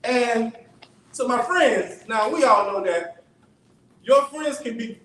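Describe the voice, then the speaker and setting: A man's voice: extremely high pitch, expressive, takes it slowly, a bit bright. A man giving a conversational, story-driven sermon, checking in with the audience with frequent asides. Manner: conversational, asks the audience "right?" often. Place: church sanctuary. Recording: echoey church from far off.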